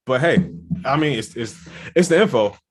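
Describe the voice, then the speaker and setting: A man co-hosting a podcast in casual, animated chat. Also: normal speed. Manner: animated, jumps up in pitch when excited. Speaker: podcast co-host.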